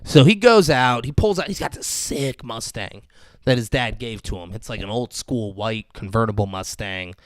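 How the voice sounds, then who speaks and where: A man co-hosting a podcast, casually recapping a TV episode with animated, profane retellings and frequent laughs. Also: medium pitch, moderate pace, no echo, studio quality. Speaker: podcast co-host.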